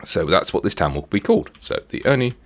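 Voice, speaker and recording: Man, extremely deep voice, bouncy animated delivery, casual gameplay commentary, jokey and chatty. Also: quick pace. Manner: chatty and playful, jokes with himself while building. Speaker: let's play host.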